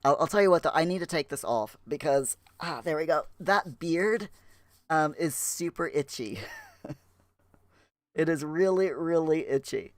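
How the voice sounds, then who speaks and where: A man hosts a game livestream from a home setup, his voice a touch higher than usual. He rambles and restarts with plenty of fillers and slips in and out of a put-on, admittedly poor Scottish accent. The desk microphone sound is close and dry. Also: unhurried, dry recording. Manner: chatty, full of fillers and restarts. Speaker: livestream host. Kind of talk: casual livestream chat.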